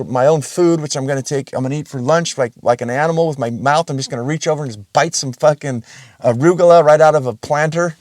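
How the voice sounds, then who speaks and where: A man's voice: fairly high pitch, dry recording, clean studio sound. Blunt, swearing male podcast host. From Russian family background. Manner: blunt, rambling, swears freely. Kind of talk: casual solo podcast monologue.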